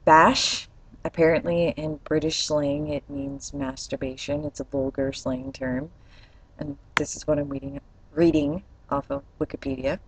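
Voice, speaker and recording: A woman's voice: deep voice, a little slow, slight background noise, low-quality recording. A young woman from Atlanta, Georgia, with a light Atlanta accent, chatting candidly and casually on a webcam vlog. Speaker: vlogger.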